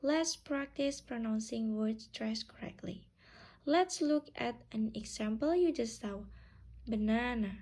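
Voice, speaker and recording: A young woman giving a class presentation as a student, speaking in a slow, drawn-out teaching manner. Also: fairly high pitch, darkish tone, rough recording.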